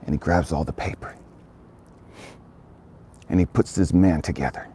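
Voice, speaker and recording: A man's voice: low-pitched, moderate pace, warm tone, slight background noise. A man telling a motivational story, emphatic and fond of repeating phrases for effect. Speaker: motivational speaker.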